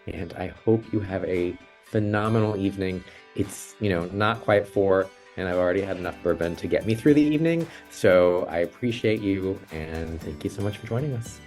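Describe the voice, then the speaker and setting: A man's voice: low-pitched, moderate pace, a little mellow, faint music behind. An American man hosting a podcast in casual chat, playful and jokey, telling stories with animation. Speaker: podcast host.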